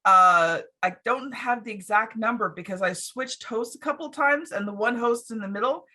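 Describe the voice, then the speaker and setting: A woman's voice: on the high side, normal speed, bright, forceful tone. A woman hosting a podcast, chatting casually and reflectively with plenty of fillers. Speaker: podcast host. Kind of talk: casual chat.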